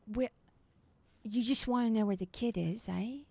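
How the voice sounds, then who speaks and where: A woman's voice: fairly high pitch, moderate pace, creaky, mellow, husky, no room sound, pitched above the performer's own voice. Shifty male satyr, as a female game master puts him on, rambling excuses in a dry, close voice. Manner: slangy, pleading, rambling excuses. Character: nervous shifty male satyr hired hand. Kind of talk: tabletop role-play.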